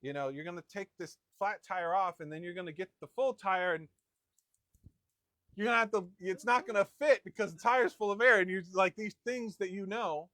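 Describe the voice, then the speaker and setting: A middle-aged man preaching a sermon in a conversational storytelling manner, with quick asides. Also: high-pitched, sharp tone, dry recording, studio quality. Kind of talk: sermon with personal anecdote.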